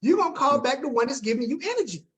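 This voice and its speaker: A man's voice: very high voice, big pitch swings, fast talker, fairly bright tone. A man coaching his team on a group video call, upbeat and slangy, talking straight to the group and checking in with them often.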